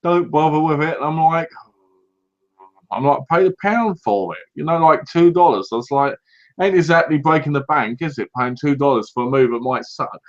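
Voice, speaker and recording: A British man co-hosting a casual podcast, telling lively anecdotes and acting out what other people said. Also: a little high, moderate pace. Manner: animated anecdotes, acts out other people's lines. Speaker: podcast co-host. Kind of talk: casual chat, storytelling. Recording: dull lo-fi recording.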